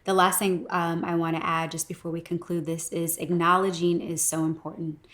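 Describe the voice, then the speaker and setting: Low, even-voiced woman teaching couples. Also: moderate pace. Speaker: marriage teacher, co-presenter with her husband. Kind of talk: teaching on marriage.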